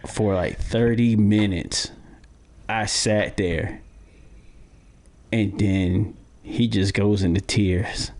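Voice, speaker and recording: A man's voice: on the low side, fairly even intonation, drawn-out words, pauses often, darkish tone. A man co-hosting a podcast, who tells stories casually in a rambling way and often repeats words as he restarts. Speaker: podcast co-host. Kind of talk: casual podcast chat and storytelling.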